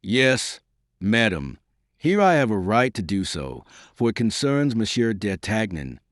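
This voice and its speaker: A man reading the lines of a calm, dignified nobleman in an audiobook. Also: lowish voice, unhurried, no room sound, clean studio sound. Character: dignified proud nobleman, calm, middle-aged.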